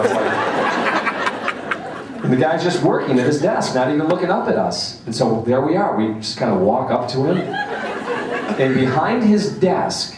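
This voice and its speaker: A man's voice: medium pitch, noisy background. A man giving a sermon, telling a personal story and acting out the voices of its people. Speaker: speaker. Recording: echoey room, voice from some distance.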